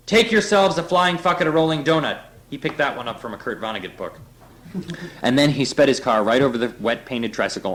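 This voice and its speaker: A man's voice: mid-range voice, slight background noise, poor audio. A man reading a novel aloud to a group in a loose, laughing way, breaking off for offhand asides. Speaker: reader.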